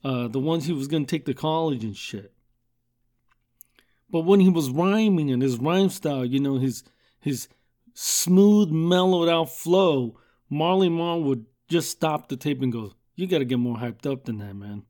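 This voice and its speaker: A man's voice: a little high, lively intonation, a little slow, mellow. A man hosting a podcast, telling a story in a loose, rambling way, full of fillers and swearing. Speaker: podcast host. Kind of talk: casual storytelling.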